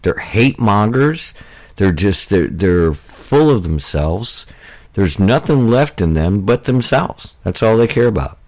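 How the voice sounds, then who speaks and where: A man's voice: on the low side, very animated, slow pace, a little mellow. An American man hosting a political talk radio show, speaking in a rambling, indignant way with many fillers and restarts.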